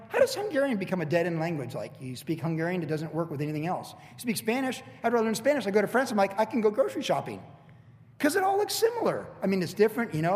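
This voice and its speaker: A middle-aged man preaching a conversational sermon to an evening congregation, full of joking asides and bursts of excited emphasis. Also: high voice. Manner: chatty, jokey asides, swings into excited emphasis. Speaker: pastor. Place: church hall with evening congregation. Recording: long hall reverb.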